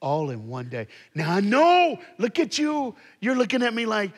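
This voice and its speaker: A man preaching as a guest speaker, telling a story dramatically and dropping soft for the sad parts. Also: sits high, big pitch swings, normal speed, hardly any pauses, slightly rough. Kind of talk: storytelling sermon. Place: large church hall. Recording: long hall reverb.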